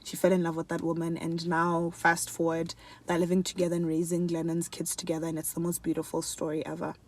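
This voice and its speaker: A young woman chatting casually to camera in a favourites vlog, animated and laughing often, switching between English and another language mid-sentence. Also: on the low side, fairly quick. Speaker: beauty and lifestyle vlogger. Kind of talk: casual chat.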